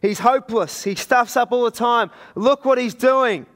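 A man's voice: very high-pitched, moderate pace, a bit bright, pitched above the performer's own voice. A man putting on a whiny tattling devil. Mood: accusing. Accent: Australian. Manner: whiny, insistent telling-on. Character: accusing devil, male, nagging tattletale.

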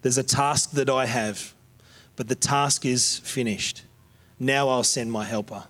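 A man's voice: medium pitch, fairly even intonation, measured pace, fairly bright tone. A middle-aged man preaching a heartfelt sermon, praying aloud and telling folksy country stories. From Australia.

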